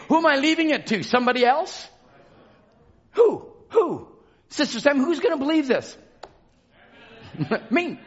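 A man preaching a fervent sermon in a church, shouting and calling out to the congregation. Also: very high-pitched, very animated, unhurried, pauses often, dull audio. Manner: shouting, call-and-response exhortation. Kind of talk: fervent Pentecostal-style sermon. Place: church sanctuary.

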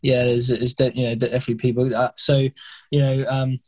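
A man's voice: medium pitch, flat delivery, brisk, darkish tone. A man with an English accent, chatting casually as a guest and often stumbling and repeating his words. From England. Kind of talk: casual conversation.

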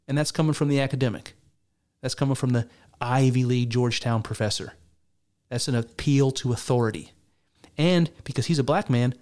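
A man's voice: medium pitch, a little mellow. A man giving sarcastic, exasperated and profane reaction commentary on a debate. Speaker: political commentator.

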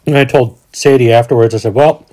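This podcast host is a forties-aged man from Colorado, USA, with a mellow, unhurried, mid-range voice. His casual talk wanders folksily, often breaking off and starting over.

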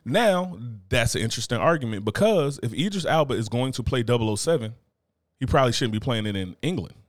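A man holds forth in casual podcast talk, loose and profane, pushing his argument with energy. His voice sits at an everyday middle pitch. The sound is dry and close, with no room around it. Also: animated, a little fast, no room sound. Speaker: podcast co-host. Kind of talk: casual chat.

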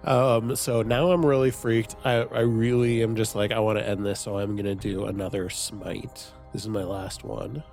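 A man's voice: lowish voice, little pitch movement, normal speed, hardly any pauses, darkish tone, faint music behind. A man playing a tabletop role-playing game, reacting eagerly and a little nervously to his dice rolls. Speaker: player.

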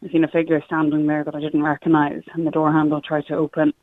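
A young Irish woman tells her story on air in a steady, matter-of-fact way. Her voice comes through a thin, tinny phone line. The sound is dry and close. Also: deep voice, quick pace, no echo. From Ireland, Sligo. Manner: earnest, matter-of-fact storytelling with soft laughs. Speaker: guest. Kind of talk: recounting a personal story on radio.

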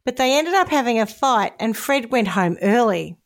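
A woman host tells a story in a casual, comedic podcast style. Her voice sits a little on the high side. She talks in a chatty way and slips in jokey asides. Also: lively intonation, normal speed.

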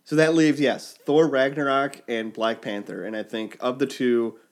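A man in casual chat with friends, explaining fan theories in an animated way. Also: medium pitch, normal speed.

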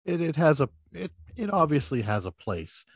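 A man's voice: a little high, very animated, normal speed, gravelly, slightly rough, no room sound. Dry-sounding man cracking jokes. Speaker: podcast co-host. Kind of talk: casual sports podcast chat.

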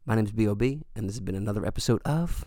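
A man's voice: fairly low pitch, steady tone, racing, mellow, no echo, studio quality. A man hosting a solo podcast, talking in a rambling, earnest and joking way with lots of fillers. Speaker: podcast host. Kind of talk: casual solo podcast monologue.

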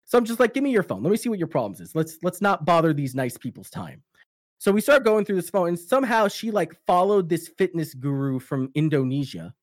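A man telling a profane, animated story in casual chat with friends. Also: a little high, brisk, no echo, studio quality.

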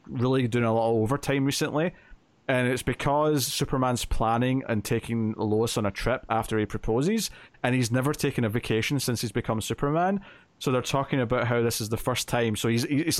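A man's voice: mid-range voice, no room sound. A man co-hosting a podcast, casually recapping a comic book plot with lots of fillers and quoted lines. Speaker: podcast co-host.

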